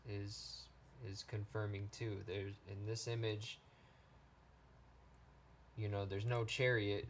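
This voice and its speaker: A man giving a pick-a-card tarot reading, talking in a gentle, halting way with many restarts. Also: fairly low pitch, a little hiss or hum. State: choked up, near tears. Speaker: tarot reader.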